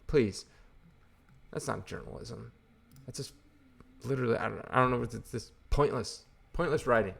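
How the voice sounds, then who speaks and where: Guy with a gravelly voice ranting sarcastically about comic news. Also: medium pitch, moderate pace, long pauses, fairly bright tone. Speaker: comic book channel host. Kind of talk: casual ranting commentary.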